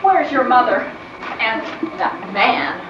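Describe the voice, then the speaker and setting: A woman's voice: a little high, expressive, slow. A woman on stage playing a fussy, indignant spinster aunt with a prim, scolding manner. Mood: anxious. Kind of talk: amateur stage play. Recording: distant, echoey, muffled stage recording with hiss.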